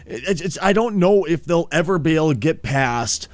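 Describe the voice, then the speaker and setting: An excitable, jokey American man co-hosting a casual podcast chat and laughing often. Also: fairly high pitch, a little fast, no echo. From United States. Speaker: podcast co-host.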